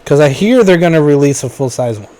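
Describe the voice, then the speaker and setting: A man's voice: fairly high pitch, expressive, fast, crowd noise. A man co-hosting a casual chat in a laid-back, joking way.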